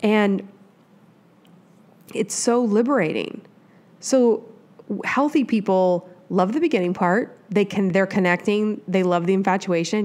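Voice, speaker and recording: A Midwestern woman hosts a solo advice podcast in a mid-range, somewhat dark voice at normal speed. She's chatty and rambling, wandering into frequent asides.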